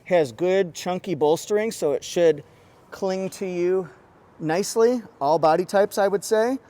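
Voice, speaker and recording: A man's voice: high voice, measured pace, dark tone. A man giving a casual, jokey walkaround review from inside a parked car, talking into a lapel mic. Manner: chatty, quirky, jokey asides. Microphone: lapel mic pack.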